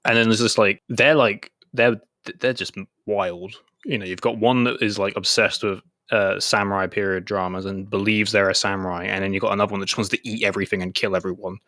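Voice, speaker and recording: A man co-hosting an anime podcast, chatting casually and loosely with plenty of fillers. His voice sits a little low but sounds bright and forward. The recording is dry and close. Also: flat delivery, fairly quick, hardly any pauses, no echo. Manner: chatty, many "like" fillers, retells scenes in quoted voices. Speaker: podcast co-host. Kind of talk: casual chat.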